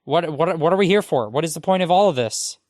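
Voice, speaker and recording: A man joining a casual podcast as a guest, joking in a deadpan way with halting restarts. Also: on the high side, dry recording, clean studio sound.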